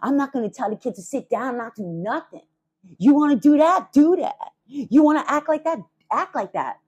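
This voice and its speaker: A woman's voice: high voice, lively intonation, moderate pace, darkish tone, voice pushed up. A woman mimicking an angry, threatening woman neighbor who repeats herself confrontationally. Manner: repetitive, confrontational.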